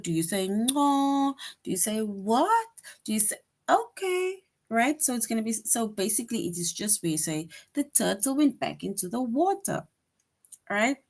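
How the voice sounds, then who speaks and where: A medium-pitched woman guides young children through a lesson, slow and patient, giving emphasis to the example sentences she reads. "Right?" is her frequent check-in.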